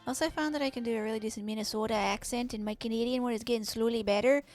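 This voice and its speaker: A woman chats casually on a live stream, her voice pitched high. She teases and coos at the horses in her game and swears at them now and then. Faint music plays underneath. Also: steady tone, very fast, darkish tone. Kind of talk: casual live-stream chat while gaming.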